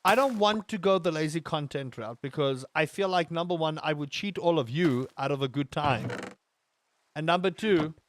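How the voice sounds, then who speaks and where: A man's voice: fairly high pitch, moderate pace, fairly bright tone, no echo. A man live-streaming a game, talking casually to his chat and ranting with emphatic repetition. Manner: talks to his chat between tangents.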